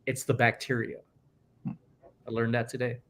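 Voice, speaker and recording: A man's voice: mid-range voice, moderate pace, a little hiss or hum. A man hosts a casual podcast chat in a mid-range voice. He tells stories with energy and mimics the people he quotes. His delivery is loose and conversational. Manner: animated storyteller acting out quoted people. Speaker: podcast host.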